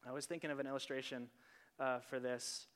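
A man preaching a sermon as a pastor, in an earnest, animated, conversational way, often starting with "listen". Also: medium pitch, fairly quick, smooth.

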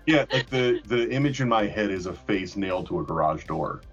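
A man's voice: on the low side, expressive, brisk, husky, soft background music. A man in casual chat, rambling with fillers and casual swearing. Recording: dull lo-fi recording.

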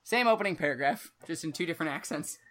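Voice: medium pitch, animated, fast, a bit bright. A podcast co-host bantering playfully and teasing the other host. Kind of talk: casual banter.

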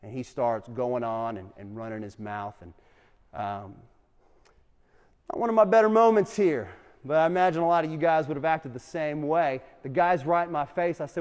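A young adult man teaching a class, an animated storyteller who keeps asking the room questions. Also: a little high, normal speed. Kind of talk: lively classroom talk with questions to students. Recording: long reverb in a hall.

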